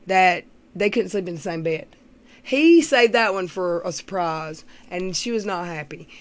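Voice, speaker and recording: A woman hosting a livestream, chatting casually with viewers in a blunt, rambling, gossipy way. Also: mid-range voice. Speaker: livestream host. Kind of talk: casual chat with live viewers.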